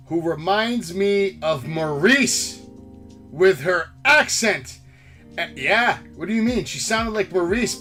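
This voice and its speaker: Loud cussing podcast guy ranting, kinda high voice, faint music under it. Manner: brash, heated, swears constantly. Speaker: podcast host. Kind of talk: casual profane wrestling talk.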